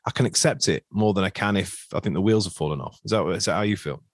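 A man hosting a football podcast in a rambling, chatty way with quick asides. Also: deep voice, dry recording, clean studio sound. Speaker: podcast host. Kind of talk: casual chat.

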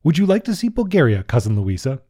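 A man voicing an eager young prince who pleads excitedly with a reluctant cousin he hopes to marry. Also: fairly high pitch, fast, voice pushed up. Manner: excited, imploring.

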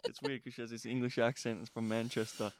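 A man's voice: medium pitch, flat delivery, quick pace, no room sound. A man hosting a podcast, chatting casually, swearing freely and laughing often. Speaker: podcast host. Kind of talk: casual chat.

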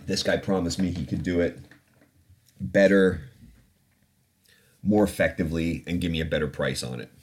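Very deep-voiced man telling a story. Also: fairly even intonation, normal speed, long pauses, darkish tone, husky. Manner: candid and profane, reflecting aloud. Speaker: podcast host. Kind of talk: casual storytelling.

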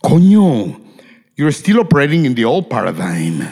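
A man's voice: medium pitch, huge pitch swings, normal speed, darkish tone. A man voicing a sardonic male Chicano GPS navigator in a comic stage dialogue, dropping Spanish words and insults.

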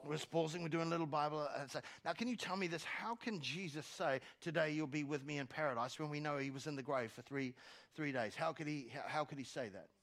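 A man preaching a sermon on a church stage, moving from soft asides to loud exhortation and often repeating words as he starts a phrase. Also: a little high, fairly quick. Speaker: pastor.

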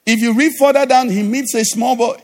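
A middle-aged man preaching a sermon as pastor, animated, with sudden drops to a low conversational voice. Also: fairly quick.

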